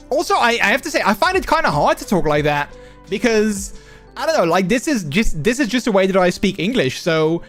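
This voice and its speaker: A man's voice: high voice, big pitch swings, fairly quick, fairly bright tone. A Dutch man with a subtle Dutch accent, a live streamer chatting casually, reading his chat aloud and answering it. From Netherlands. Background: faint background music.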